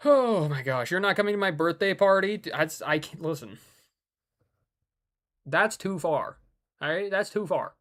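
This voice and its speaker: A man's voice: high-pitched, animated, normal speed, pauses often, a bit bright. A man streaming a hard game live, talking casually with an exasperated, rambling and joking manner.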